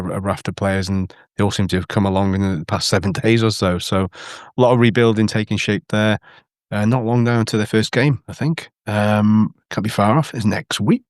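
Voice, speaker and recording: A man's voice: lowish voice, dry recording, clean studio sound. A man co-hosting a casual football podcast, rambling and hesitant with many restarts. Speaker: podcast co-host. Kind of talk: casual chat.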